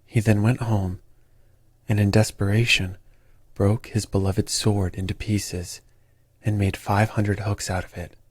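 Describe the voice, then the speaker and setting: A sleep story narrator reads a calm bedtime tale slowly and soothingly. His deep, husky voice is captured up close in a dry, dead space with no room sound.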